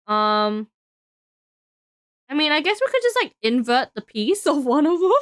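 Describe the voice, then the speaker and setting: A woman's voice: high-pitched, big pitch swings, unhurried, dry recording, studio quality. A young Australian woman streaming casually, tired and rambling as she thinks aloud while building.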